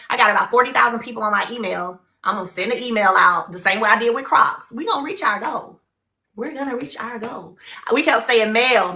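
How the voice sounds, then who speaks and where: A woman's voice: fairly high pitch, pushed and bright, echoey room. A woman hosting a live shopping stream, chatty and upbeat, urging viewers to buy. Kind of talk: live-stream sales pitch. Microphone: phone.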